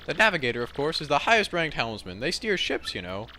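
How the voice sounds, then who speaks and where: Pompous showboat captain, voiced by a man; grand and theatrical, bright and highish. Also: very animated, fast, slight background noise. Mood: grandiose. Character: pompous flamboyant male merchant captain.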